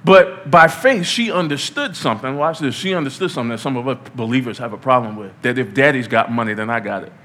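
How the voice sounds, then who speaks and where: A man's voice: medium pitch, expressive, quick pace, few pauses, sharp tone, slight background noise. A man in his thirties preaching an informal sermon in a church, conversational and playful, rising to emphatic peaks. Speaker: pastor.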